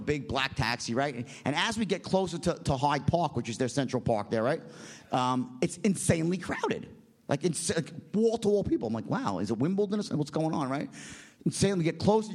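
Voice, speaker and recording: A middle-aged American man telling a story in a brash, profane way, punctuating lines with "right?" and "okay?". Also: a little high. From United States. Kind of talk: animated storytelling.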